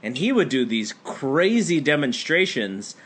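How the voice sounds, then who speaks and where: A man chatting on a wrestling podcast, his voice bright and a little tense. He tells a long story loosely, stumbling over his openings and restarting them as he goes. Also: a little high, very animated, a little slow. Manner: rambling storyteller with many restarts. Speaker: podcast co-host. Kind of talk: casual chat.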